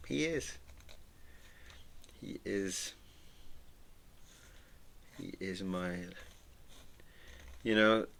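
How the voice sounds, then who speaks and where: A middle-aged man who hosts an art channel, chatting casually while he draws, rambling and sentimental, with soft murmured asides and frequent chuckles. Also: low voice. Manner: chuckles often. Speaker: artist and channel host. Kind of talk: casual chat while drawing.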